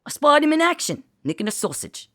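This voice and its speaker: A narrator playing a brash teenage street-urchin boss, high shrill boy's voice, loud, jeering, rough slang, audiobook comedy. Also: very animated, brisk. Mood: boisterous. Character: rowdy 14-year-old boy, leader of a gang of London street urchins. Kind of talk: storybook character voice.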